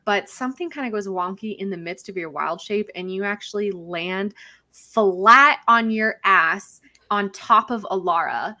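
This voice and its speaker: A woman's voice: medium pitch, unhurried, sharp tone. A woman narrating as game master, chatty and prone to correcting herself mid-sentence. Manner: chatty, self-correcting, giggly asides.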